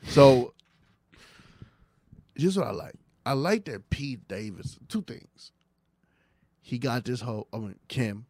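A laid-back male comedian co-hosting a podcast, chatting in easy slang at an everyday pitch. The voice is dry and close, with no room around it. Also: lively intonation, unhurried, pauses often, a little mellow, no room sound. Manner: laid-back, slangy, peppers lines with "bro" and "yo". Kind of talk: casual comedy banter.

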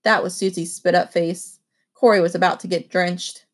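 A woman reading a children's novel aloud with expressive first-person narration. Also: lowish voice, moderate pace. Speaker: audiobook reader.

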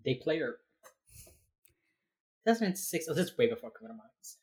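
A woman with a notably low voice talks through a TV episode in casual podcast chat. She tells it with animation, slipping into the characters' lines and swearing casually. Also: big pitch swings, unhurried, a little mellow. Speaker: podcast co-host.

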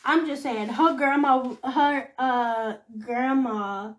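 A seventeen-year-old girl rambling through a casual story as a podcast host, colloquial and lively, acting out other people's lines with big jumps in her voice. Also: slow. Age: teens. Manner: animated, acts out quoted voices with big pitch jumps.

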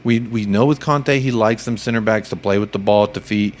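Lower-voiced man chatting football. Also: a little fast, slight background noise. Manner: thinks aloud, jokey asides. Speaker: podcast co-host. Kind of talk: casual sports chat.

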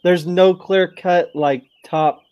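A man co-hosting a sports podcast, quiet and hesitant in casual chat. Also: high-pitched, steady tone, takes it slowly, highs cut off. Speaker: podcast co-host.

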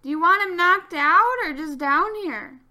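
High, bright-voiced woman playing. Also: unhurried. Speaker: player. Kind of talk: casual tabletop game play.

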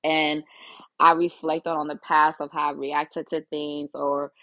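A woman's voice: low voice, little pitch movement, measured pace, pushed and bright, no room sound, muffled recording. A young woman hosting a solo podcast, talking frankly and casually with lots of cursing, often acting out her own inner voice. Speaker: podcast host.

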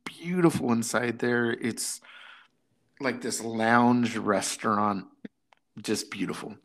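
A man's voice: medium pitch, takes it slowly. A middle-aged man telling a story in casual conversation, slipping into the voices of the people he quotes. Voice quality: animated storyteller, acts out quotes. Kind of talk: casual chat.

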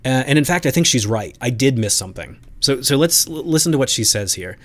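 A man of average pitch hosts his own podcast, speaking alone. He thinks aloud in a loose, conversational way, sometimes restarting a phrase before carrying on. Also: lively intonation, fairly quick, fairly bright tone. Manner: conversational, reflective, with frequent restarts. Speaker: podcast host. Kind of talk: solo podcast commentary.

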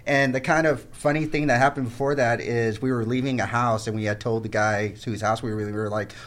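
Male podcast guest, mid-pitched, dry quick-witted quipper. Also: steady tone, fairly bright tone. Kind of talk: casual chat.

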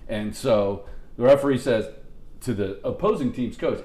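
A mellow, mid-range voice at normal speed belongs to a middle-aged man telling friends sprawling, profane stories on a podcast. He restarts and laughs as he goes, and the audio is reverberant.

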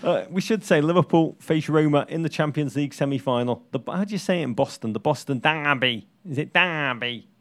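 A middle-aged English man co-hosting a football podcast, talking in an animated, playful, teasing way. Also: a little high, fast, hardly any pauses. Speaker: podcast co-host. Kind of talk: casual football chat.

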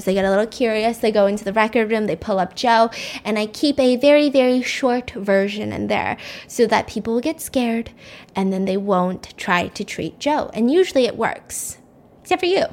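A stern older hospital director, played by a woman storyteller, questioning a junior doctor with blunt, cold authority. Her voice runs somewhat high. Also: natural voice. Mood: scolding.

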